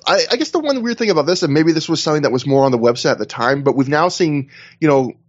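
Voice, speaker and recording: Podcast co-host, male, slightly high voice, rambling recaps, muffled lo-fi call audio. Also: fast talker. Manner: rambling, animated recaps with acted-out quotes. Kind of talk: casual wrestling podcast chat. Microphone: video call.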